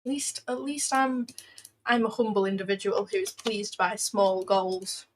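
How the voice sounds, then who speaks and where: A day trader on a livestream, a young British woman, speaks in a mid-range voice at a measured pace with a steady tone, and a little hiss or hum is audible. Her casual chatter is self-deprecating and repetitive, now and then breaking into playful song.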